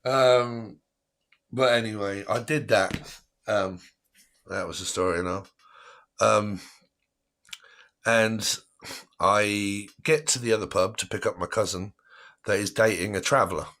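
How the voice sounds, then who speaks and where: Casting note: English bloke, lowish voice, slangy, rambling, profane storyteller hosting a live stream. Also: male voice, a little slow, long pauses, a bit bright. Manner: swearing, laughing, slangy, rambling. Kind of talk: casual storytelling.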